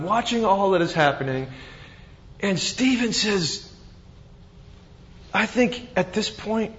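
A man preaching a sermon as pastor, retelling the scene with animated, dramatic storytelling. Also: high-pitched. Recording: dull sound with long reverb.

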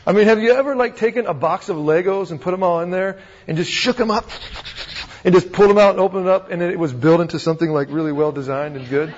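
A man's voice: sits high, fast talker. A man preaching a sermon to a live audience in a conversational way, asking rhetorical questions and often restarting his sentences. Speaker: pastor. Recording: dull recording in a reverberant hall.

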